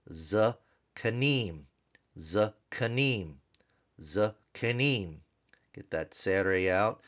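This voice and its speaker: A man teaching a grammar lesson, sounding out words slowly and repeating them for drill. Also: low voice, fairly bright tone, lo-fi sound. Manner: slow, drawn-out repetition of words for drilling. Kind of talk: recorded tutorial lesson.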